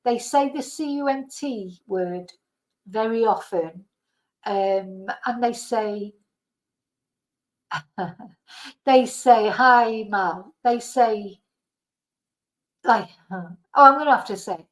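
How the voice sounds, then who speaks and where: Speaking very slowly and pausing often, a middle-aged woman with a Manchester accent chats with livestream viewers, laughing frequently. Her voice is on the high side, and the audio is rough.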